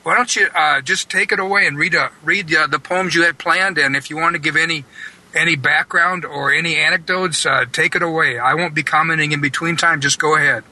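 A man hosting a live radio show, introducing a guest in a halting, rambling way. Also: on the high side, steady tone, bright, forceful tone, rough recording. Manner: halting, rambling, full of fillers and restarts.

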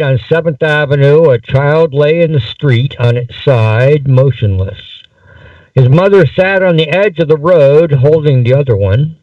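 A man's voice: a little high, animated, measured pace, no echo. A man reading a strange short story aloud. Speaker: narrator. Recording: dull, distant mic, dry.

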